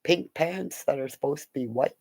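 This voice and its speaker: A woman's voice: a bass voice, moderate pace, darkish tone. A middle-aged woman rambling in a casual monologue, swearing freely and often dropping into whispers. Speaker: vlogger.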